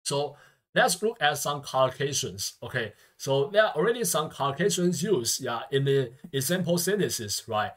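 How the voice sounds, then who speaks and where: A man teaches English vocabulary, his being Mandarin. His voice sits at a middle pitch but swings up and down a lot as he explains. He keeps tagging phrases with "okay" and "yeah". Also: big pitch swings, normal speed, fairly bright tone. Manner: peppers speech with constant "okay" and "yeah" tags. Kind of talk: vocabulary lesson lecture.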